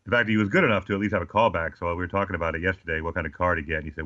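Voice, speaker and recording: A man's voice: sits low, fairly even intonation, racing, bright, forceful tone, no echo. A man in his forties with an Australian accent, telling comic stories in a casual chat as a guest, with a dry joking manner. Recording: slightly dull lo-fi sound.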